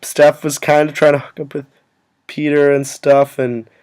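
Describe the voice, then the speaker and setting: A young man casually telling a story to his viewers, rambling and filling every pause with "like". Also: a little high, flat delivery, a little mellow, clean tone. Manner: rambling, full of "like" fillers. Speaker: vlogger.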